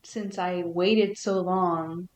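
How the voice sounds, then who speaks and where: A woman's voice: lowish voice, steady tone, drawn-out words, a little mellow. Playful woman co-host in a roomy space. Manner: playful, laughs a lot, acts out her own thoughts. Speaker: podcast co-host. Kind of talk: casual chat.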